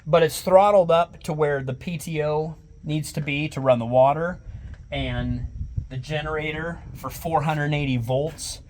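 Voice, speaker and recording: A man's voice: a little high, unhurried, darkish tone, a little hiss or hum. A man, a farmer vlogging casually and upbeat while he works outdoors. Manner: upbeat, talks while working. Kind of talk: casual farm vlog narration. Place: outdoors on a farm.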